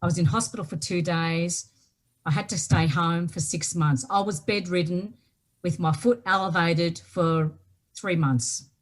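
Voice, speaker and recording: A woman's voice: lowish voice, steady tone, unhurried. An Australian woman, a guest author, telling a personal story emphatically and often checking in with "right?". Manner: emphatic, keeps asking "right?".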